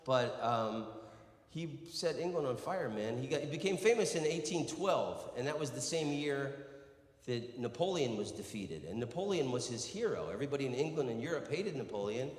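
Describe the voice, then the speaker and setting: A man's voice: medium pitch, big pitch swings, normal speed. Brash american man, stand-up comedian, roomy hall, long reverb. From United States. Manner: brash and profane, yelling to rouse the crowd. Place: stage in a large hall.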